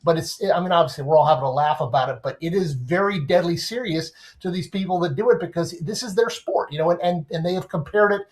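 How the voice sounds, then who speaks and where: A guest sports writer on a casual podcast discussion explains things animatedly using everyday comparisons. His voice is on the high side, and he talks fast with hardly any pauses.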